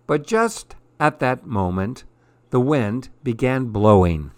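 A man reads a rhyming children's story aloud, slow and measured, keeping the rhythm of the verse. His voice sits in a middle pitch, dry and close with no room sound. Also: expressive, clear, resonant tone, no echo. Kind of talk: reading a rhyming picture book aloud.

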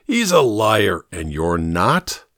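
A man's voice: on the low side, big pitch swings, slow, dry recording, clean studio sound, full character voice. A man voicing a desperate, dying fugitive. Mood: bitter, defensive. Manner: plaintive, rising to shouting. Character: dying cowardly male fugitive, coughing, desperate.

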